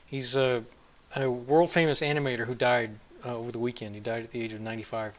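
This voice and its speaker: A man hosting a live stream, talking casually with many halting fillers. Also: mid-range voice, fairly even intonation. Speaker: livestream host.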